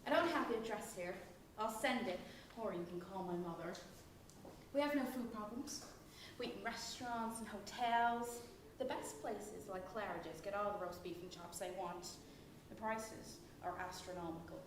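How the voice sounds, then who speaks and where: An actress on a stage playing a lively woman who reads out a chatty, gushing letter from England. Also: medium pitch, moderate pace, close to an everyday voice. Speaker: stage actor. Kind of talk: stage play reading a letter aloud. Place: theatre stage. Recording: echoey theatre, from far off, faint noise.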